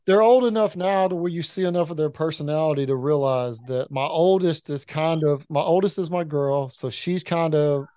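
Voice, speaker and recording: A man in his thirties with a fairly high voice talks in a loose, animated way, wandering from one story to the next. The sound is close and dry, with no room around him. He is a podcast co-host in casual chat. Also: moderate pace, few pauses, clear, resonant tone, no echo.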